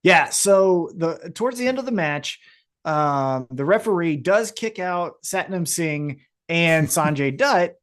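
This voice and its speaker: A man's voice: on the high side, lively intonation, takes it slowly, fairly bright tone. A man co-hosting a wrestling podcast, recapping matches in casual talk and giving blunt opinions with some swearing. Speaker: podcast co-host.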